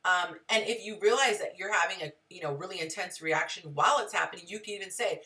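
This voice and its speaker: A woman's voice: lowish voice, quick pace, hardly any pauses, pushed and bright, far from the mic. A woman hosting a live relationship advice stream, talking conversationally and greeting viewers in the chat.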